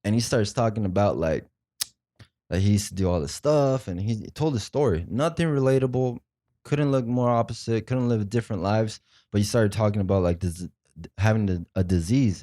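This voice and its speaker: A man's voice: fairly low pitch, a little mellow, no room sound, studio quality. A young adult man casually telling a raw, emotional story, full of fillers and swearing. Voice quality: profane, slangy speech. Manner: rambling, emotional retelling with frequent fillers. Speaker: podcast guest.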